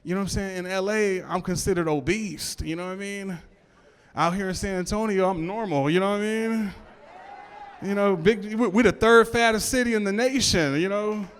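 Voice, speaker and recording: A comedian on a club stage, this man has a smooth, high-pitched voice at normal speed and delivers a loose, conversational stand-up set with freestyle raps. "You know what I'm saying" comes up constantly, and the audio carries hall reverb with music.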